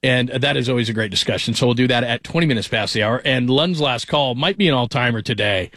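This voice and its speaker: A man's voice: medium pitch, fast, a bit bright, no room sound. A man hosting a sports talk radio show, chatting casually and rambling between stories from a studio.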